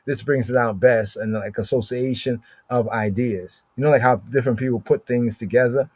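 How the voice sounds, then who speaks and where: A man's voice: medium pitch, fairly even intonation, moderate pace, darkish tone, slightly rough, no room sound. A man teaching scripture on a livestream, repeating words again and again and checking in with "right?" after nearly every phrase. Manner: repeats words over and over, asks "right?" constantly. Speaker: Bible study teacher. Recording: dull lo-fi stream audio.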